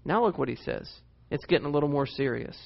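Brief: male pastor, high voice, lively and emphatic in his preaching, lo-fi sound. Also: fast, gravelly. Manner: animated, emphatic, reads scripture aloud. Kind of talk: sermon.

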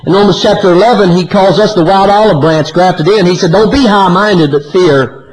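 Guy preaching, kinda high voice, gets loud n high then drops way down. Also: brisk, poor audio. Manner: animated preaching, often rising high and loud, then dropping low. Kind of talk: sermon.

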